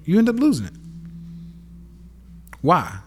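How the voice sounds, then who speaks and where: A man's voice: on the high side, wildly swooping pitch, takes it slowly, slight background noise. A man with a Southern accent hosting a casual rant podcast, blunt and profane, lecturing his listeners as y'all. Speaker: podcast host.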